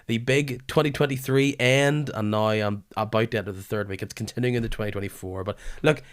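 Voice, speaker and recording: A man hosting a football podcast, his voice weary from a lingering illness, keen but halting at times. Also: fairly low pitch, steady tone, smooth. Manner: enthusiastic, with halting restarts. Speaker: podcast host. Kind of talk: casual football podcast chat.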